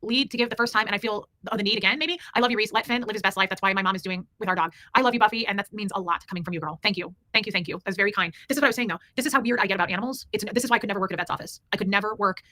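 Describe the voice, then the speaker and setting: Rapid-fire chatty woman livestreamer. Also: mid-range voice, bright, forceful tone, no room sound. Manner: rambling, emphatic, swears freely. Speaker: livestream host reading super chats. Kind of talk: casual livestream chat.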